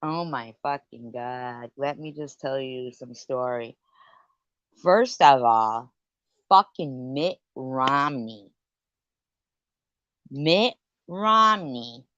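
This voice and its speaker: A woman's voice: very deep voice, animated, very slow, pauses often, fairly bright tone, no echo, highs cut off. A woman hosting a late-night live stream chat, telling stories in a profane, rambling rant. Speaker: livestream host.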